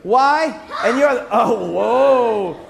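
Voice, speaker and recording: A man leading a children's church song game, coaxing the kids and singing and shouting cues. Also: very high-pitched, animated, extremely slow, gravelly.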